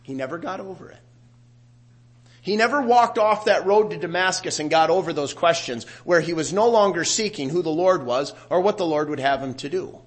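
A middle-aged pastor delivers a sermon with a slightly raised pitch. He talks it through conversationally, then climbs in volume and intensity whenever he quotes scripture. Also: moderate pace. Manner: animated preaching, rising loud on scripture quotes.

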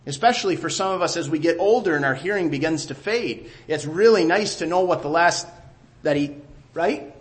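Middle-aged man, sermon, fairly high voice, emphatic, repeats his phrases. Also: normal speed. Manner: emphatic, repeats key phrases, drops to a quiet voice for asides. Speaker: preacher.

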